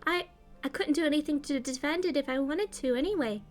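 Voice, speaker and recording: A woman voicing a gentle, timid blind female house cat who talks in a soft, friendly way. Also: sits high, a little fast, soft background music, close to an everyday voice.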